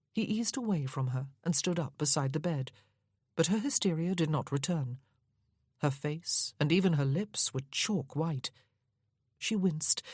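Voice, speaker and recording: A woman narrating a Regency romance audiobook in a steady, measured way. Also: low voice, slightly rough, no room sound, studio quality. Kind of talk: reading a Regency romance novel aloud.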